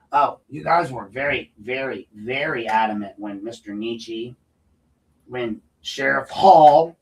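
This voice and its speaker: A man hosting an unscripted podcast, ranting in a profane, combative way that turns loud and heated. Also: medium pitch, distant mic, low-quality recording. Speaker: podcast host.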